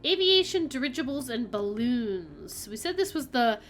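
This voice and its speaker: A woman's voice: fairly high pitch, big pitch swings, moderate pace, soft background music. A young woman streaming a video game, chatting casually and rambling with lots of filler words and giggles. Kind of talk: casual chat while playing a video game.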